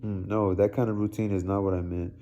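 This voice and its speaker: Brusque older doctor, flat deep delivery, clipped grunts, a man reading. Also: a little fast, a little hiss or hum, lightly acted. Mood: insistent. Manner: curt, clears throat with "hmm".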